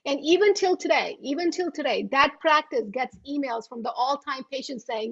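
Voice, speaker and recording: High-voiced woman telling a lively story. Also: normal speed. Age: 30s. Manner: animated, self-deprecating storyteller. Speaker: guest author. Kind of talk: anecdotal storytelling. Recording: muffled lo-fi audio.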